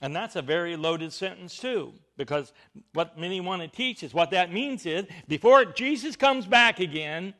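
A man's voice: high voice, animated, moderate pace, a bit bright. A man preaching a Bible teaching sermon, emphatic and stressing key words.

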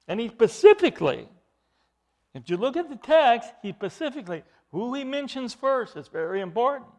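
A man preaching an expository sermon, emphatic, with his voice rising into loud bursts. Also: very high voice.

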